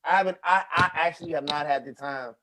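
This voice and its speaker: Blunt man venting with a slightly high voice. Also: fast, pushed and bright, slight background noise. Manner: blunt, profane, venting, swears freely. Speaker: guest. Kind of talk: casual chat.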